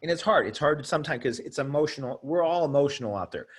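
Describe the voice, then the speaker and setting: A man's voice: a little high, expressive, fast, breathy edge. A man, president of an officials association, talking in a rambling, casual way with many repeated words and restarts. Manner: rambling, repeats words, acts out coaches' retorts. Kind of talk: casual discussion.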